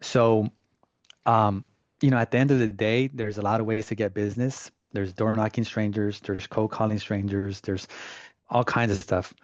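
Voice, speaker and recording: A man working as a real estate agent from Southern California tells stories in a casual, animated interview with relaxed slang. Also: fairly low pitch, moderate pace, no room sound. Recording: slightly dull, dry recording.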